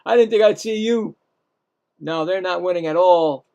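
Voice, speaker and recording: High-voiced, gravelly rambling play-by-play man. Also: normal speed, warm tone, lo-fi sound. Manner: rambling, self-mocking, stumbles and corrects himself. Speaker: play-by-play host. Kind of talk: casual live baseball commentary.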